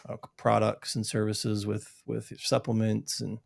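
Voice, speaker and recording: A male podcast host who asks rambling questions in a relaxed way and answers with brief reactions. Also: on the low side, a little slow, vocal fry. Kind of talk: casual interview.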